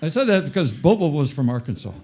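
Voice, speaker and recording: A man's voice: on the high side, big pitch swings, quick pace, warm tone. An older man performing a stand-up comedy routine, self-deprecating and fond of repeating his punchlines for effect.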